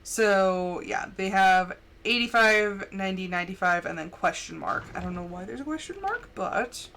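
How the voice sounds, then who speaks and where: A young woman streaming a farming game, chatting fast and casually with a slight lisp and lots of "like". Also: medium pitch, lively intonation, creaky, fairly bright tone, a little hiss or hum. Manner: chatty, fast, says "like" a lot. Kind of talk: casual chat while gaming. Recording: faint music underneath.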